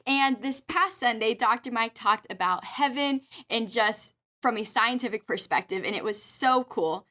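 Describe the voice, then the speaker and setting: A woman's voice: a little high, moderate pace, sharp tone. A young woman, a church youth leader, giving a short daily devotional with enthusiastic, heartfelt scripture reading.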